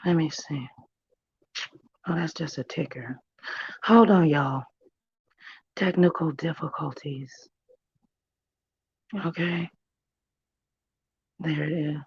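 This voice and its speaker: Hoarse woman chatting slowly on a stream. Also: sits low, a little mellow, no echo. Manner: chatty, greets viewers by name, drawling. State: hoarse, losing her voice. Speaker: livestream commentary host. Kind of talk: casual chat. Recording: dry, muffled stream audio.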